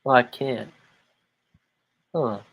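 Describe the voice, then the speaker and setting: A man hosting a show, casually commenting on a video and thinking out loud. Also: mid-range voice, extremely slow, husky, dull audio. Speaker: host.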